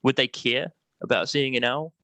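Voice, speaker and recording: A man's voice: mid-range voice, steady tone, normal speed, bright, forceful tone, dry recording. A man playing a tabletop game who talks through his character's plans step by step. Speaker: player.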